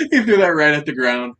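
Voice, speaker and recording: A man's voice: high voice, pushed and bright, poor audio. A man co-hosting a podcast in casual, brash, joking chat, swearing freely. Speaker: podcast co-host.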